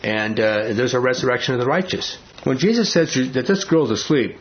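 A man's voice: medium pitch, moderate pace, a little hiss or hum. A man leading an informal Bible study, talking conversationally and often asking the class questions. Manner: conversational, asks the class questions, many fillers. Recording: dull lo-fi recording.

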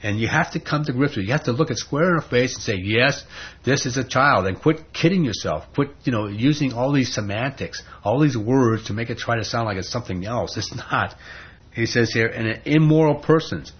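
Husky-voiced man preaching emphatically. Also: medium pitch, lively intonation, a little fast. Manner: emphatic, conversational, asks rhetorical questions. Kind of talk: sermon. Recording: dull lo-fi sermon recording.

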